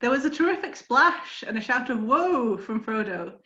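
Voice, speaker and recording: A woman's voice: on the high side, animated, moderate pace, pushed and bright. Woman reading a book song on a video call, bit hesitant, roomy muffled sound. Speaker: reader. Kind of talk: reading a book passage aloud on a live call.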